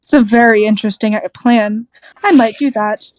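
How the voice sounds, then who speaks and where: A woman's voice: a little high, normal speed, dry recording, natural voice, poor audio. A woman playing a cold, menacing mechanoid. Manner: cold, curt, threatening. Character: icy, menacing female mechanoid officer.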